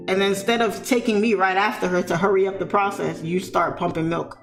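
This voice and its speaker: A woman telling a story in a casual, animated way, speaking straight to her viewers. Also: medium pitch, a little fast, hardly any pauses. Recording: echoey room with faint music.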